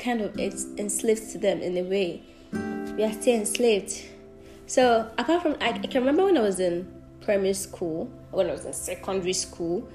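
A young woman from southwestern Nigeria with a Nigerian accent, hosting a solo podcast in an earnest, reflective way and often restarting her sentences. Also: mid-range voice. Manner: earnest, reflective, self-correcting with frequent restarts. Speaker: podcast host. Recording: echoey room with music behind.

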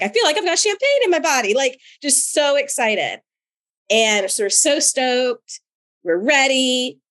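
A woman from North Carolina co-hosting a podcast as a therapist, telling personal stories in an animated, chatty way with frequent laughter. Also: mid-range voice. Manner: animated, laughs often, chatty with many fillers. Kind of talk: casual chat and personal storytelling.

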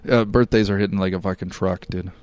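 A man's voice: low voice, fairly even intonation, quick pace, darkish tone. A man co-hosting a podcast in casual chat, telling stories loosely with lots of filler words and laughter. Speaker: podcast co-host.

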